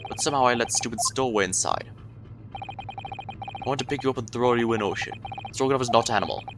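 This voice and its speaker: A man's voice: mid-range voice, a little fast, lightly acted. A man voicing a stern, suspicious male sailor guard who speaks in broken, clipped English with a mock Russian accent, over a noisy background hiss. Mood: gruff.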